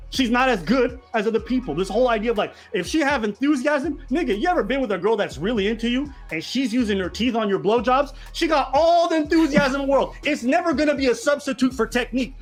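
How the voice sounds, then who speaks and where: A man giving blunt, mocking commentary full of crude slang, reacting heatedly to a video. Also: very high voice.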